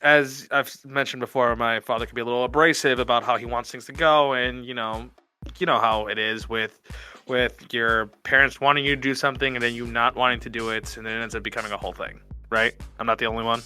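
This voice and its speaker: A man's voice: medium pitch, steady tone, fast talker, sharp tone, faint music behind. Rambling, reassuring man at a game table. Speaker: player. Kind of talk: casual in-character tabletop play.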